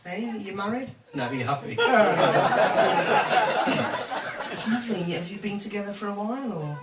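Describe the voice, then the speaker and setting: A man with a Birmingham accent works a live comedy crowd, cheeky and teasing. His voice is fairly high for a man and swings a lot in pitch. He is heard from a distance in a roomy venue over loud crowd noise. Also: lively intonation, a little slow. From Birmingham, England. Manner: cheeky, teasing the front row. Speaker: stand-up comedian. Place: comedy club stage. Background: audience laughter.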